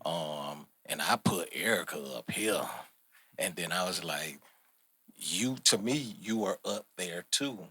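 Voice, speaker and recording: Male podcast host, very deep husky voice, relaxed storyteller. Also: takes it slowly, dry recording. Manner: laid-back, quotes himself in retelling. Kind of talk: casual chat.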